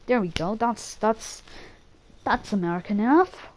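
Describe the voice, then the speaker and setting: A woman giving her casual, rambling opinions on game characters, excitable and swearing, often stopping to correct herself. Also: on the high side, moderate pace, poor audio. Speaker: gaming channel creator. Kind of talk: casual gaming opinion talk.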